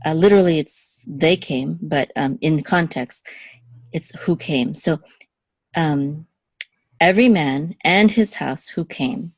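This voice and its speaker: A woman's voice: deep voice, no echo. Patient woman teaching pronunciation, dry sound. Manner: repeats words slowly to contrast pronunciations, frequent "okay?" checks. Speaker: Hebrew teacher. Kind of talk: patient step-by-step language lesson.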